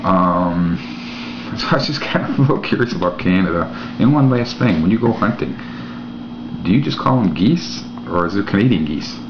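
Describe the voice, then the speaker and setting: Deep-voiced male vlog host, casual rambling monologue, faintly muffled echoey home recording. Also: expressive, normal speed. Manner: rambling, mock-naive questions, dry jokes. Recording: echoey room, dull lo-fi mic, faint hiss.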